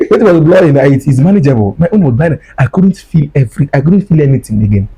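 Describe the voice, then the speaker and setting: Male guest, warm husky voice, emotional storyteller who repeats himself. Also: on the high side, animated, quick pace, low-quality recording. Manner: repeats phrases, acts out dialogue. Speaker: guest recounting his ordeal. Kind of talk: emotional first-person storytelling.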